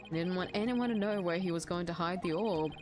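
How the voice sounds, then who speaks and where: A woman's voice: fairly low pitch, a little fast, voice pushed down, close to an everyday voice. A woman reading the lines of an earnest, slightly nervous young male lawyer in a game.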